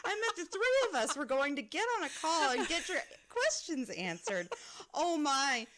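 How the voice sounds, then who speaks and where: A woman's voice: sits high, sing-song, normal speed, pushed and bright, a little hiss or hum, pitched above the performer's own voice, full character voice. A woman voicing an embarrassed man who stammers in a panic on a voicemail, half laughing as she reads it. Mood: panicked, mortified.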